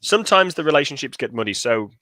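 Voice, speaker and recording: A man's voice: mid-range voice, very animated, fast, sharp tone, no room sound. A young man, an operations director, talking casually and thoughtfully with dry humor. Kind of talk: casual chat. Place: indoor, video call.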